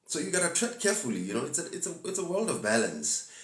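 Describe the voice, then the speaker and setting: A man's voice: fairly high pitch, very animated, fast, roomy sound. A man gives a laid-back, preachy spiritual talk to live-stream viewers and laughs often.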